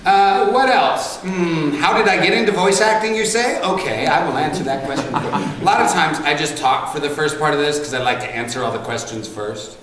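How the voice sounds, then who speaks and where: A man's voice: a little high, brisk, a bit bright, a little hiss or hum. A man, a voice actor, telling jokey stories at a convention panel. He laughs often and acts out voices. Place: large convention hall. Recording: echoey convention hall from far off, crowd ambience.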